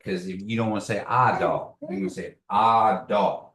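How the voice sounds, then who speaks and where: A man teaching a language class, patiently repeating words slowly for learners. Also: lowish voice, fairly even intonation, fairly bright tone, a little hiss or hum. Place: classroom, echoey room. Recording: echoey room, distant mic.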